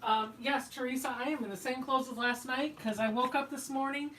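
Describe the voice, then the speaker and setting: Brief: chatty, giggly woman host of a sewing live, fairly high voice, heard from across a noisy room. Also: steady tone, fairly quick, a bit bright, echoey room. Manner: chatty, laughs often, hums silly tunes. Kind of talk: casual chat while sewing. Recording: distant mic in a noisy room.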